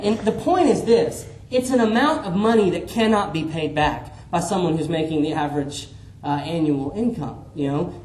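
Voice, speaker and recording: A man preaching a sermon, animated, acting out the Bible figures in different voices. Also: on the high side, slight background noise. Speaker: pastor. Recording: echoey room with faint ambience.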